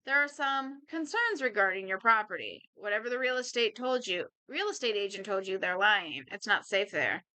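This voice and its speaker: A woman's voice: mid-range voice, lively intonation, normal speed, hardly any pauses, bright, forceful tone. A woman voicing a polite, anxious young husband who speaks formally and apologetically.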